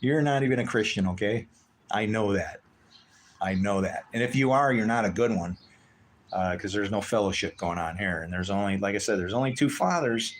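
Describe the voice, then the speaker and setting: On a livestream, a man with a lowish voice speaks at normal speed, ranting heatedly and preachily with a great deal of profanity. Slight background noise can be heard.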